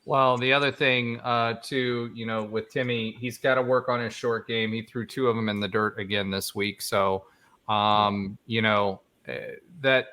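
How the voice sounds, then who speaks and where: Bright-voiced man hosting a casual sports chat. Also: fairly low pitch. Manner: loose and rambling, full of fillers. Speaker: podcast host.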